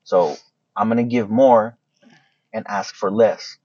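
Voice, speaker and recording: A man with a low, husky voice co-hosts a casual podcast, quick to joke and laugh. When he explains a thought, he restarts and circles back. The recording is dry and somewhat dull. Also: darkish tone, dry recording. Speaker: podcast co-host. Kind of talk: casual chat. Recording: dull lo-fi sound.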